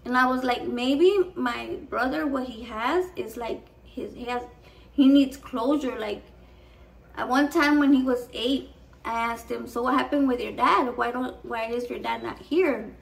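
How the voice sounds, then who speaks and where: A woman's voice: a little high, unhurried, gravelly, far from the mic, rough recording. A young woman telling a rambling, profane story in a casual vlog, slipping into Spanish. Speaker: vlogger.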